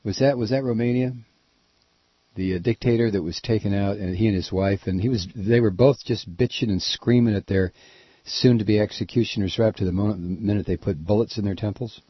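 A male talk radio host rambles through sardonic commentary and keeps stopping on "uh" and false starts. His voice is husky and sits in a middle pitch. The recording is dry and dull, with a lo-fi broadcast sound. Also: brisk, no room sound. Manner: rambling, hesitant, sardonic, many "uh"s. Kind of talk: casual on-air commentary.

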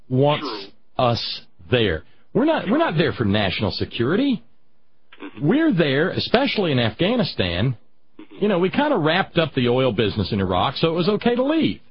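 Male radio host, husky, halting and rambling, muffled lo-fi sound. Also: medium pitch. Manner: rambling, halting, reads chat comments. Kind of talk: casual political talk.

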